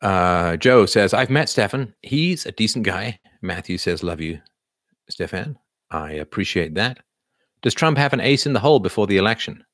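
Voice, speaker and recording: A man's voice: fairly low pitch, animated, normal speed, fairly bright tone, dry recording, studio quality. A man hosting a casual livestream, answering viewer questions while thinking aloud with many fillers.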